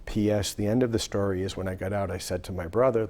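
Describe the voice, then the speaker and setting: A man in his sixties from Rhode Island, speaking in a somewhat low voice. He answers interview questions with long, easygoing stories, pausing on fillers as he goes. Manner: relaxed anecdotal talk with fillers. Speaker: lawyer and guest.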